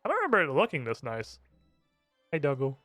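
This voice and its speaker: A man's voice: a little high, huge pitch swings, fairly quick, a bit bright, no room sound, soft background music. A man streaming a game, commenting casually with sarcastic, profane asides. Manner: sarcastic, profane, laughs at himself.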